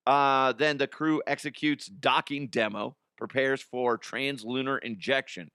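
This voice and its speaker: A man's voice: medium pitch, fairly even intonation, moderate pace, few pauses, sharp tone, clean tone, dry recording, studio quality. A man hosting a comedy show, bantering in a crude, joking and exasperated way. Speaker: radio comedy show host.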